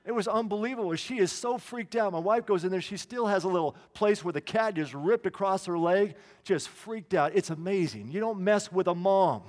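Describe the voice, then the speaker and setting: A man's voice: high voice, animated, normal speed, few pauses. A man preaching a sermon in a conversational way, with asides and restarts, in a church. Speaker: pastor. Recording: long reverb of a hall.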